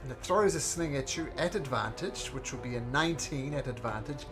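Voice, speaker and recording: A man narrating as game master in a tabletop game, describing attacks and rolls in a lively way. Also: medium pitch, fairly quick. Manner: lively, voices monsters and reads out rolls. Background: background music.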